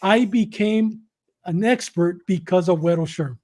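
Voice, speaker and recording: An older man from Southern California with a high voice tells his stories as a guest. He acts out the back-and-forth dialogue with energy, repeating words and restarting his phrases as he goes. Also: moderate pace, dark tone. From Southern California, USA. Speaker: podcast guest, former correctional officer. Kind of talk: conversational storytelling.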